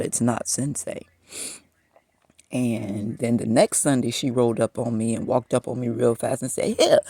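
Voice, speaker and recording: A man's voice: mid-range voice, vocal fry, dark tone, breathy edge, no echo. A man in his fifties talking to the camera in a personal monologue, venting his frustration as he tells a story. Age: 50s.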